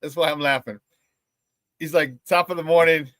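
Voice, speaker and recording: A man hosts a morning sports talk show in a high, bright voice, loose and hyped as he jokes with viewers. His sound is dry and close, with almost no room in it. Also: steady tone, moderate pace, dry recording. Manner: playful and hype, reading viewer comments with laughs. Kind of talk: casual morning show chat.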